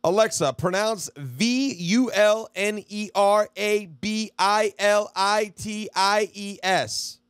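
A male streamer in live-stream banter, profane and mocking, yelling at his smart speaker. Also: high voice, slow, hardly any pauses, clear, resonant tone, no room sound, studio quality.

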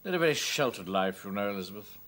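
Brief: male actor as a blustering, snobbish officer, animated and self-satisfied. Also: lowish voice, fast talker, very noisy, lightly acted. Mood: pompous. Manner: pompous, self-important, blustering. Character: pompous middle-aged male captain, bank-manager type.

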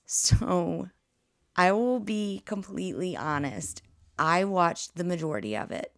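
A woman recaps the game in a low, gravelly voice that is close to giving out. She tells her story excitably. The recording is dry and close. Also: normal speed, dry recording. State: nearly losing her voice. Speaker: podcast host. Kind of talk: casual sports recap.

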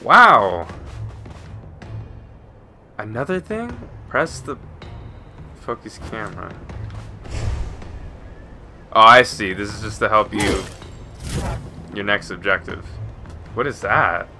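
An excitable man commenting on a video game he is playing, his pitch jumping all over as he whoops and exclaims. His voice sounds bright and forward, and his talk is unhurried between outbursts. Game music plays faintly behind him. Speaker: gamer. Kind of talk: let's play commentary.

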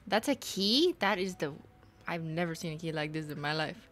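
A woman's voice: sits low, lively intonation, moderate pace, a bit bright. A young woman streaming a game live, chatty and giggly, swearing freely and slipping into joke voices. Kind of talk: casual live gameplay commentary.

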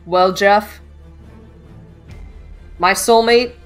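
A young woman streamer plays a dating game, chatting playfully, giggling often and reading the dialogue aloud in casual commentary. Her mid-range voice is steady and extremely slow, slightly stuffy-nosed, with faint music underneath.

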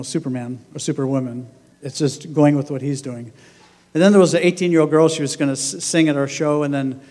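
A pastor delivering a sermon in a church, telling stories in a conversational way and acting out what people said. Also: male voice, on the high side, warm tone, big-room sound. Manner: conversational storytelling, acts out quoted voices, laughs often. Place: church sanctuary.

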